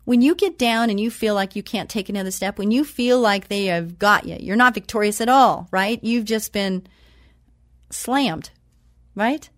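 A woman hosting a Christian talk show who reads scripture slowly and with emphasis, then chats casually. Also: mid-range voice, no echo, clean studio sound.

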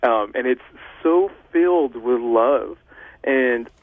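A man's voice: mid-range voice, slow, no room sound. A young man speaking as a guest, sharing an earnest, emotional faith testimony with plenty of fillers. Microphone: phone. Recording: tinny phone line.

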